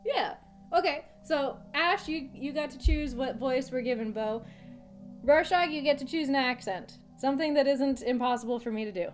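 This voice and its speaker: A woman's voice: high voice, moderate pace, faint music behind. A woman livestreaming a game, chatting playfully with her viewers and laughing often. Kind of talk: casual let's-play chat.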